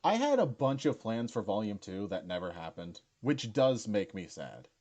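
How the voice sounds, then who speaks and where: A man's voice: fairly low pitch, sing-song, normal speed, a little mellow. A young man chatting casually as he rewatches his own series, stammering, restarting and laughing easily.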